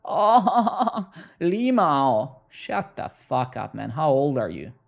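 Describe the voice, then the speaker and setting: A young man with a gravelly, creaky voice talks slowly and unhurriedly. He streams himself coding and throws sarcastic, profane jabs at his chat between lines of work. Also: on the high side, very animated, dull audio. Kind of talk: casual live-stream banter while coding.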